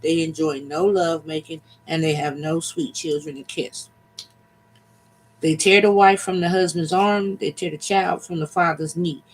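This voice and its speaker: A man reading an ancient poem aloud, deliberate and slowing at key lines. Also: a little high, fairly even intonation, poor audio. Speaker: reader.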